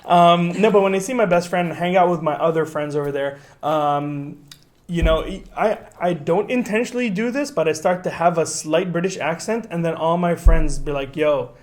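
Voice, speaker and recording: Relaxed young man telling stories. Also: a little high. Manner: relaxed storyteller, dry jokes, quick asides. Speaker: podcast co-host. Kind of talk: casual chat.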